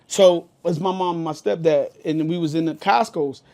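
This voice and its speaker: A man with a New York accent co-hosting a podcast, telling a story in a loud, animated, profane way. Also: a little high, normal speed. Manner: animated, profane, gets loud and heated retelling anecdotes. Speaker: podcast co-host. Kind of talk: casual podcast chat, storytelling.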